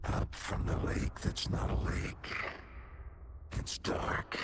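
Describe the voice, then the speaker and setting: A man voicing an eerie, cryptic whispering presence from the dark, in a video game, speaking in broken, menacing fragments. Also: slow pace, lightly acted. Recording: whisper buried in loud ambient noise.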